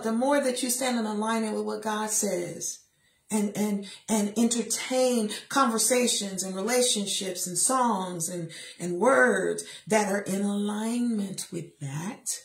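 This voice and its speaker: A woman's voice: medium pitch, gravelly. Emphatic, sassy middle-aged woman, echoey room. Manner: emphatic and sassy, with lively asides. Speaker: motivational speaker. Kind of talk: faith-based motivational talk. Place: seated in a chair.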